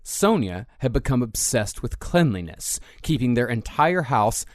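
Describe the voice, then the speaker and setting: A man's voice: mid-range voice, very animated, unhurried, no echo, clean studio sound. A man co-hosting a casual true-crime podcast, steadily reading out case facts between jokes. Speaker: podcast co-host.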